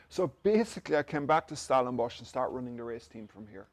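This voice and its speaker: Here a medium-pitched male voice comes across expressive and fast. The speaker, an Irish company director and interview guest, chats casually through anecdotes and dramatizes the dialogue he repeats.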